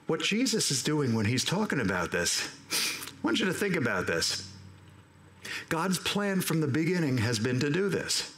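A man preaching a sermon as pastor, animated and acting out the voices of the people he quotes. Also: on the high side, moderate pace. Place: church sanctuary. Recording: roomy church echo.

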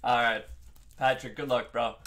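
A man's voice: medium pitch, fairly even intonation, moderate pace, fairly bright tone. A young man with a Long Island accent hosting a live card-break stream, chatting casually with viewers by name while opening packs. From Long Island, New York.

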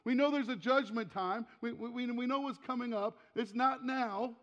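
A man's voice: very high-pitched, normal speed, fairly bright tone, pitched above the performer's own voice. A man voicing a frantic, panicked horde of demons, pleading and stammering in a raised voice. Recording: long hall reverb, dull lo-fi sound.

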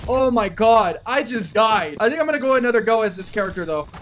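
A man hosting his own gaming channel, giving excitable let's-play commentary and whooping and yelling as he plays. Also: sits high, a little fast, hardly any pauses, a little hiss or hum.

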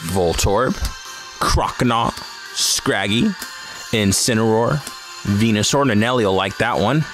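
Slow, lively man opening card packs. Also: on the low side. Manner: chatty, reacts aloud to each card. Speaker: host of a card-opening channel. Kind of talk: casual card-opening vlog chat.

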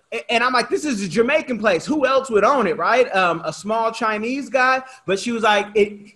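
A man from Oakland, California, hosting a podcast interview in a lively, talkative way with many asides. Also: sits high. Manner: animated and talkative, with frequent restarts and asides. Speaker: podcast host. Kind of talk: casual interview chat.

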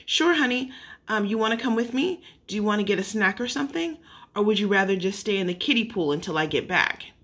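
Storybook mom, protective, gently firm, bright breathy tone, read by a woman. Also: medium pitch, lively intonation, brisk. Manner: soothing but firm.

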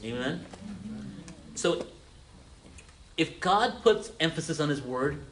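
A man's voice: fairly high pitch, animated, slow, fairly bright tone. A man preaching an interactive sermon to a congregation, calling on listeners by name, repeating their answers, and often restarting his words. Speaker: pastor teaching a congregation.

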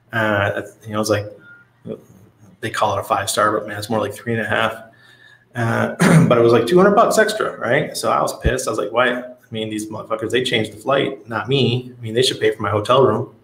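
Man, lowish voice, casual livestream host, blunt and profane, echoey room. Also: a bit bright. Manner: blunt, profane storyteller reading viewer comments.

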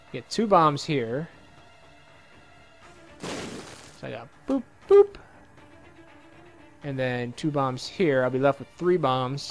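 A man casually commenting on his own gameplay, excitable and swearing a lot, with a slightly hoarse voice. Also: medium pitch. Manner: excitable, swears a lot, sudden loud outbursts. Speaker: let's play gamer.

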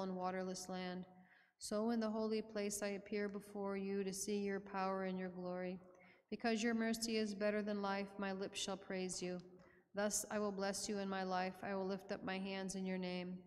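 A woman reading psalms aloud in a steady, measured liturgical recitation during a church service. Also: mid-range voice, a little hiss or hum. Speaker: reader of psalms. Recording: long church reverb.

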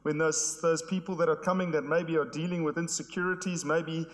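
A hoarse man, preaching an earnest sermon to his church. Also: on the high side, little pitch movement, a little fast. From South Africa. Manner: earnest, repetitive emphatic phrasing. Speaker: pastor. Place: church hall. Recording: long hall reverb.

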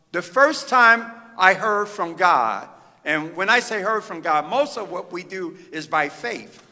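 A middle-aged man from the Midwest, a pastor delivering a fervent sermon with drawn-out phrases and pauses in a church sanctuary. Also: a little high, sharp tone. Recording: reverberant church hall.

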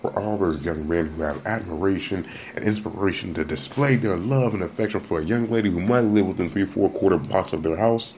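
This young man hosts his own casual solo podcast, joking and rambling, repeating words and restarting sentences often. His voice sits low with a darkish tone, moving fairly quickly with few pauses, and there's a little hiss or hum in the recording.

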